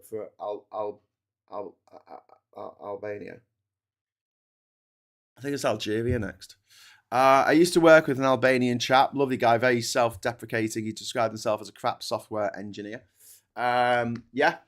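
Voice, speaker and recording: A man's voice: medium pitch, steady tone, unhurried. A man hosting a solo livestream, chatting in a digressive, jokey way, full of restarts and trailing asides. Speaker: livestream host. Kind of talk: rambling solo livestream chat.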